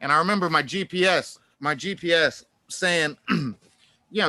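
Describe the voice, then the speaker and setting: A man's voice: high voice, normal speed, no room sound. A man, a guest musician in a casual interview, telling stories in a rambling way with lots of fillers, restarts and laughter. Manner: animated, laughs through stories.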